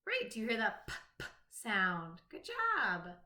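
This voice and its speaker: A woman teaching a phonics lesson to young children, slowly sounding out rhymes, letters and words. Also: medium pitch, huge pitch swings, sharp tone. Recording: echoey room.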